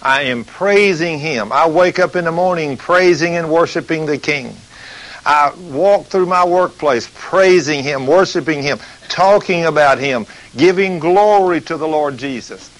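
A man's voice: a little high, a little slow, fairly bright tone, low-quality recording. A man preaching a sermon. He asks rhetorical questions and acts out the scenes and voices he quotes. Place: studio recording between breaks.

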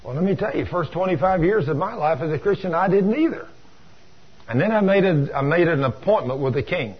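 Husky folksy male preacher. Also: a little high, animated, brisk, lo-fi sound. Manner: folksy, acts out dialogue. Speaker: preacher, church deacon. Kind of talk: storytelling sermon.

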